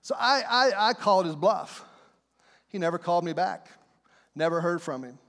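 A man's voice: high voice, animated, normal speed, a bit bright, in a large hall. A middle-aged man preaching a sermon as a pastor, telling stories in a folksy, plain way. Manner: folksy storytelling, plain speech.

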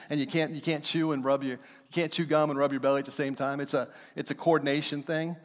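A male pastor preaching a conversational, animated sermon in a church, acting out the voices of the people he talks about. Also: on the high side, brisk. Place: church sanctuary. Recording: long hall reverb.

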